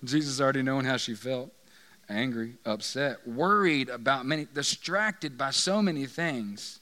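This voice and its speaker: A man's voice: mid-range voice, normal speed, sharp tone. A male pastor preaching in a conversational, joking way, often asking the audience questions. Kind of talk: sermon.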